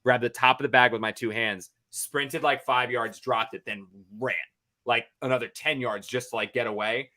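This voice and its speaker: A young man on a podcast, telling a rambling, animated story full of fillers and restarts. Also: medium pitch, normal speed. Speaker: podcast co-host.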